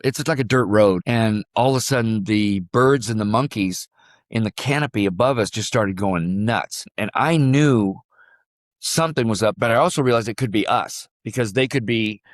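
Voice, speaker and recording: An older man from Illinois, a podcast guest telling a story in an unhurried way and acting out the lines of the people in it. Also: lowish voice, no echo, clean studio sound. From Illinois, USA. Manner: vivid, unhurried storyteller who acts out quoted dialogue. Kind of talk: storytelling in a conversation.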